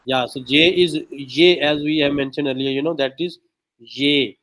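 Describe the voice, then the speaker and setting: A man teaching a one-on-one online language lesson, pausing often with fillers. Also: on the high side, steady tone, fairly bright tone, poor audio. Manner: hesitant, many "uh" and "you know".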